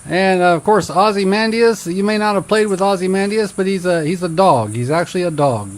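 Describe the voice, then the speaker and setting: A man's voice: high voice, fairly quick. A man hosting a casual podcast group call and cheerfully introducing the guests. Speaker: podcast host.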